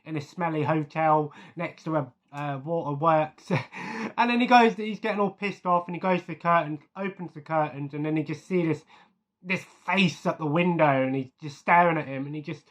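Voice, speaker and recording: A man talking in a loose, rambling way, filling his sentences with ums and little chuckles. His voice sits a touch higher than most men's. He sounds like he is chatting casually to his viewers. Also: a little fast, a bit bright. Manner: rambling, chuckling, full of fillers. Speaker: vlogger. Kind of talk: casual chat.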